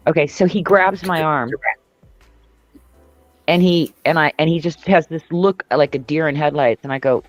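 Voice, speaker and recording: A woman's voice: deep voice, normal speed, dry recording. A woman hosting a casual spiritual chat over a video call, telling stories intensely and emphatically and swearing freely. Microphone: video call mic. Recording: dull lo-fi dry audio.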